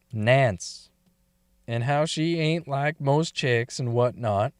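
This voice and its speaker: Brief: male storyteller, unhurried, swings his pitch a lot, profane and laughing, dry close sound. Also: dry recording. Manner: profane, laughs often between lines. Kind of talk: casual crude storytelling.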